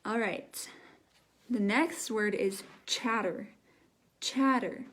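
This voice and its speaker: A young woman leads an online English class at an unhurried pace. She explains each word patiently and acts out the sounds herself. Her voice sits in a middle register. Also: mid-range voice, a bit bright. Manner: slow, patient, demonstrates sounds aloud. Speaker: English teacher. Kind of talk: live online English lesson.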